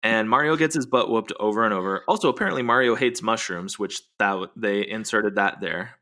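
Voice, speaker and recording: A man's voice: fairly low pitch, a little fast, pushed and bright. A man co-hosting a podcast, playfully recapping a movie's plot and teasing his co-host.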